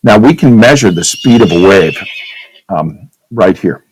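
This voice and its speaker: A man's voice: low voice, expressive, unhurried, a little mellow, slightly rough, no room sound, poor audio. A male teacher giving a casual classroom physics lecture at a whiteboard, often checking in with "okay?". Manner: casual, checks in with "okay?", demonstrates with his own voice.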